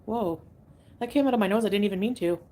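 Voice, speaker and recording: A woman's voice: mid-range voice, fast talker, dark tone. A woman from Canada chatting casually on a livestream, reading out viewer comments, giggly and drifting between topics.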